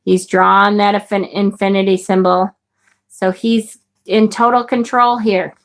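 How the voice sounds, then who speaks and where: A woman's voice: medium pitch, little pitch movement, measured pace, creaky. A woman hosting a live tarot stream, chatting enthusiastically and reading viewer comments aloud. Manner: enthusiastic, chatty, swears casually. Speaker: tarot livestream host. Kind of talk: casual live-stream chat.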